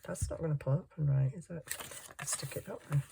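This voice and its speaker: Woman, low register, chatty self-mocking craft vlogger thinking aloud at her desk. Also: fairly quick, gravelly, warm tone, a little hiss or hum. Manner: chuckles often while working. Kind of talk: casual crafting chat.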